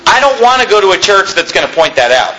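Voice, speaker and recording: Bright-voiced man preaching a sermon. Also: high voice, fast talker, echoey room, a little hiss or hum, rough recording. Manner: animated preaching, mimics people in quotes. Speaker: pastor.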